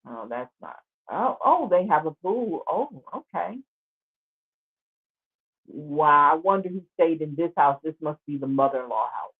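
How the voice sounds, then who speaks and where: A woman host talks slowly in a low, husky voice and exclaims over pictures with biting sarcasm. Her pitch swings widely. The sound is thin and tinny, like a phone line. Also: expressive. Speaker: show host. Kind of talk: casual livestream commentary over images.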